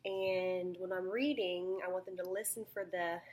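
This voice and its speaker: A woman's voice: on the low side, fairly even intonation, moderate pace, a little mellow. A young woman talking through a phonics lesson plan as a student teacher, thinking aloud with many ums and restarts.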